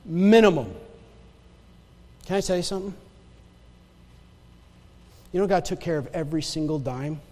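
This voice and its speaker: A man's voice: on the high side, moderate pace, long pauses, warm tone. A man preaching a sermon in a church, telling stories in a conversational way with many restarts. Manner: conversational preaching, storytelling with laughs and repeated restarts. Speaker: pastor. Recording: church sanctuary with long reverb.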